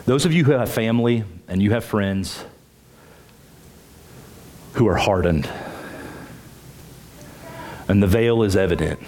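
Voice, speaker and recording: A pastor preaching a sermon, emphatic, with his pitch climbing on key points and repeating words as he starts phrases. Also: a little slow, long pauses, a little mellow, slight background noise.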